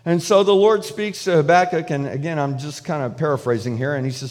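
A man's voice: a little high, moderate pace, hardly any pauses, big-room sound. A man preaching a sermon in a loose, conversational way, with frequent restarts and fillers, acting out prayers in paraphrase. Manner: acts out prayers and God's replies in paraphrase. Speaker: pastor.

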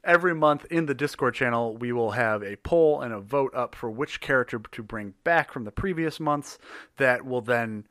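A man co-hosting a podcast chats casually, using lots of fillers and laughing often. His medium-pitched voice moves at normal speed and sounds a bit bright, captured in a dry, clean studio recording.

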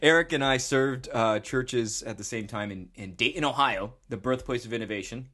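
A man's voice: medium pitch, normal speed, pushed and bright. Rambling, self-mocking podcast host man. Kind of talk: casual podcast chat.

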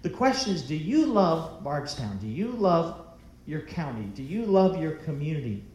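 A man's voice: fairly high pitch, sing-song, normal speed, a little mellow, echoey room. A man preaching a sermon as pastor, emphatic and full of rhetorical questions.

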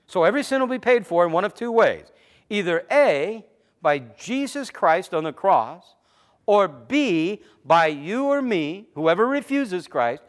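Guy preaching a sermon, high voice that jumps all over, punchy then drops low and quiet. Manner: repeats words when building a point. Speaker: pastor.

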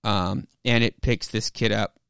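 A man's voice: fairly low pitch, fairly even intonation, a little slow, gravelly, fairly bright tone, smooth, no echo. A man hosting a podcast, casually recapping a comic book in a rambling way with lots of fillers and swearing. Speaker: podcast host.

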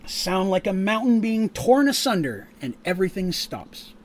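A man narrating a tabletop game as game master, casual and full of fillers, pausing to explain rules. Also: high-pitched, big pitch swings.

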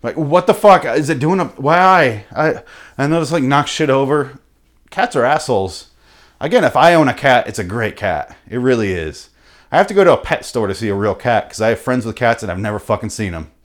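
A man riffing through an unscripted comic monologue, profane and animated, with sudden loud bursts. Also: medium pitch, a little fast. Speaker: comedian host.

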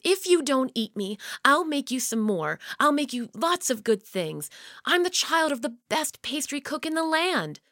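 A woman's voice: sits high, big pitch swings, unhurried, a bit bright, no echo, studio quality, voice pushed up, exaggerated voice. A frightened little boy pleading, as a woman puts him on. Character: small frightened child, pastry cook's son. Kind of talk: storybook reading.

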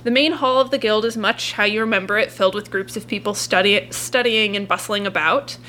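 A woman's voice: medium pitch, brisk, sharp tone, slight background noise. A woman narrating a tabletop game as game master, chatty and laughing, often restarting her sentences.

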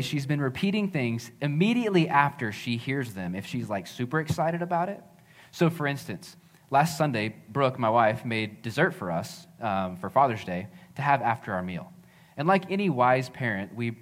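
A man in his thirties preaching a sermon as pastor, earnest and conversational, often repeating phrases. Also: mid-range voice.

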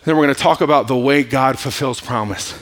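A man's voice: mid-range voice, brisk, fairly bright tone. A male pastor preaching a sermon at a church service, joking and drawing responses from the congregation.

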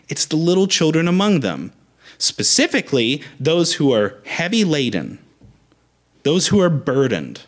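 A young adult pastor preaches a sermon in a fairly high-pitched voice. He is emphatic and animated, repeating rallying phrases.

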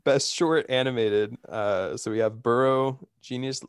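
A man's voice: mid-range voice, unhurried, smooth, dry recording, clean studio sound. A man hosting a casual podcast chat, reading out award nominees and laughing often. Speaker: podcast host.

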